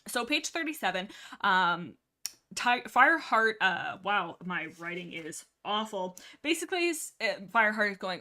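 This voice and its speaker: A woman hosting a casual livestream, rambling excitably about a book, laughing often and answering chat as she goes. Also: mid-range voice, moderate pace. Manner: reads and answers chat messages. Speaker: livestream host.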